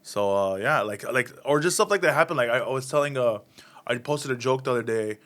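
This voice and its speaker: A man's voice: mid-range voice, a little fast. A man in his thirties, a stand-up comedian, telling anecdotes in a casual interview and acting out the people in them. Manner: animated, acts out voices in anecdotes.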